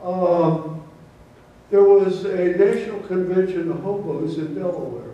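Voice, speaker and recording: A man's voice: high voice, steady tone, unhurried, mellow, lo-fi sound. A man playing an easygoing, plainspoken older male hobo, speaking unhurriedly in a roomy hall heard from a distance. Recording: roomy hall, mic from far off.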